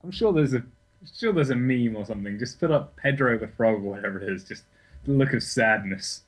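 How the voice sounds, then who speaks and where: A man's voice: medium pitch, animated, a little fast, rough recording. A young man co-hosting a podcast in casual, sweary, self-correcting chat. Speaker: podcast co-host.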